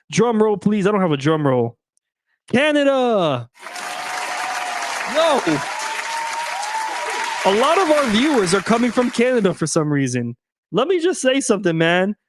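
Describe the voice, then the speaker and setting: A man's voice: fairly high pitch, dry recording, studio quality. Slangy, joking male podcast host. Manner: loose, slangy and joking, addresses listeners directly. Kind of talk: casual solo sports podcast chat.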